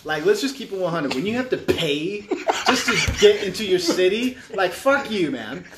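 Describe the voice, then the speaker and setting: A man's voice: high-pitched, very animated, moderate pace. A man in casual chat, ranting emphatically in slangy, profane talk. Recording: roomy echoey room with faint noise.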